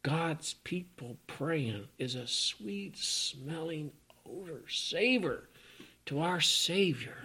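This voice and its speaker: A man preaching a sermon who reads scripture aloud and swings from loud, emphatic lines to hushed whispers. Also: fairly high pitch, animated, breathy edge. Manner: slow, drawn-out delivery with scripture readings.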